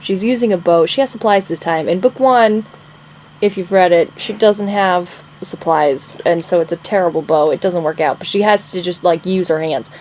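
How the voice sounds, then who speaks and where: A woman's voice: on the low side, moderate pace, darkish tone, a little hiss or hum, poor audio. A young woman author chatting casually in a vlog, gushing and laughing often as she talks about and reads her own draft. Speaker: author vlogger.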